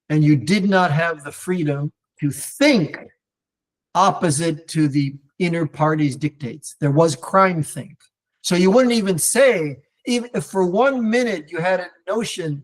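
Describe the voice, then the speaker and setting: A man teaching an online Torah class, talking in a lively, digressive way with many restarts and fillers and mixing in Hebrew terms. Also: on the high side. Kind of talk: animated live online lecture answering viewer comments.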